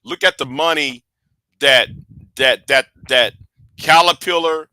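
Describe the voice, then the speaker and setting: Male commentator, halting delivery, very bright tense tone. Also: fairly high pitch. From United States. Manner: halting, many repeats and restarts. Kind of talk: casual political commentary.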